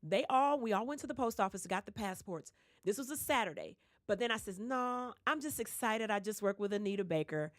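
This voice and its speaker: A woman's voice: brisk, no echo, clean studio sound. A woman with a Detroit accent, a singer, telling stories in a casual radio interview and acting out the voices of the people she quotes. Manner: animated storyteller, acts out quoted voices with big pitch jumps. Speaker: guest singer. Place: radio studio. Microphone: studio microphone.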